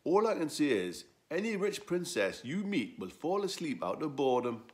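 A man's voice: fairly high pitch, big pitch swings, normal speed, pitched above the performer's own voice. A man voicing a cheeky, know-it-all male donkey in a storybook, brash and cocky.

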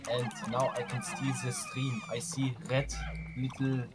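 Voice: medium pitch, flat delivery, a little slow, over music. A friend joking and teasing a streamer during casual banter.

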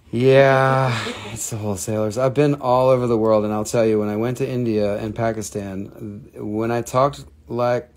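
A man's voice: medium pitch, animated, takes it slowly, pauses often, darkish tone. A man with a Southern US accent hosting a live gem and mineral sale in a chatty, joking way, often laughing at himself. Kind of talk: live selling chat.

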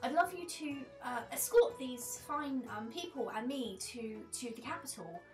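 A man's voice: extremely high pitch, expressive, normal speed, echoey room, recorded from a distance, over music. A woman voicing an eager, stammering male king who is making a tavern keeper an offer. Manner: enthusiastic, stammering, grand.

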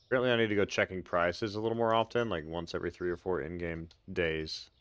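A man's voice: low-pitched, fairly even intonation, quick pace, a bit bright, no room sound. A man casually commenting on his own gameplay on a live stream, chatting with viewers and making sarcastic asides.

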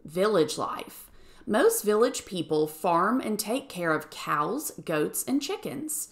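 A third grade teacher reads a picture book aloud to children. Her pitch moves in a lively, animated way around an ordinary middle register. The telling is expressive and clear. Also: slow pace. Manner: expressive storytelling.

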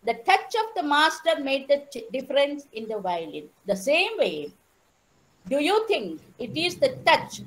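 Woman, Indian English accent, high voice, unhurried, repeats phrases, quizzes listeners. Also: rough recording. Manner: measured, repeats phrases, asks the audience questions. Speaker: teacher educator giving an online talk. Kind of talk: slow storytelling lecture to an online audience.

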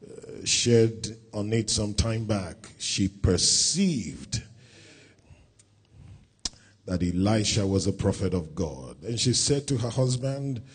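A pastor preaching a sermon at a church service, speaking deliberately and rising to loud, emphatic scripture reading. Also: male voice, fairly low pitch, animated, slightly rough.

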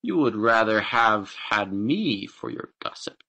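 A man's voice: on the low side, sing-song, takes it slowly, pushed and bright, exaggerated voice. A man voicing Dame Fortune, a sly, teasing female fairy with a knowing manner.

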